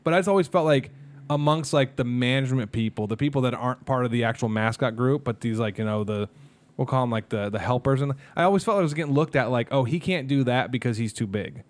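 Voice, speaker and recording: A man in his thirties who co-hosts a casual podcast and works as a mascot performer tells candid, emotional personal stories, rambling with lots of fillers and restarts. His voice is medium-pitched and quick.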